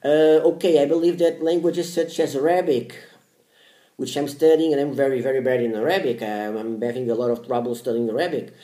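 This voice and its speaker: A man's voice: mid-range voice, fairly even intonation, fairly quick, warm tone, reverberant. A man, talking casually to the camera about learning languages and often repeating and restarting his phrases.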